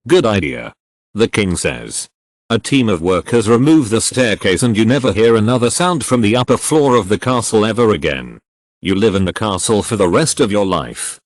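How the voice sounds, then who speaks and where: A man reading funny text-adventure stories aloud with deadpan punchline delivery. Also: lowish voice, moderate pace, no room sound. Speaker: narrator.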